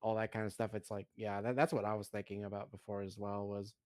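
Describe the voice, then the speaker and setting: A man co-hosting a casual podcast chat, relaxed, swearing and using many fillers. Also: lowish voice, quick pace, no echo, clean studio sound. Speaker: podcast co-host.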